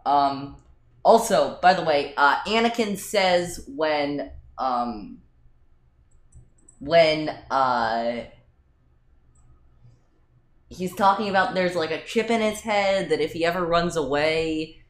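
A man's voice: fairly high pitch, expressive, slow pace, long pauses. A man co-hosting a casual podcast chat, hesitating with many ums and restarts. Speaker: podcast co-host. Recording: roomy echo.

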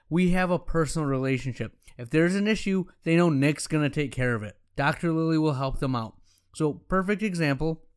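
A man tells a story in a casual, frank way. His voice is smooth and clear and sits a little high for a man. He slips into quoting himself and his patients. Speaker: optometrist and practice owner.

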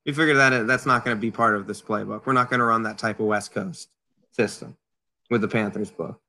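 A man guest on a casual podcast, talking in an animated way with frequent restarts. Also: fairly low pitch, brisk.

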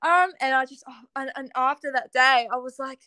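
A young woman with a high, bright-pitched voice chats in a casual interview, full of fillers and easy giggles. The sound is close and dry, with no room around it. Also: monotone, a little fast, dry recording. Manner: chatty, giggly, lots of fillers. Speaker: musician guest.

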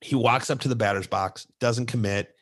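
A man's voice: medium pitch, normal speed, fairly bright tone. A middle-aged man, co-hosting a casual podcast and animatedly telling a youth baseball story, acting out the voices of kids and coaches.

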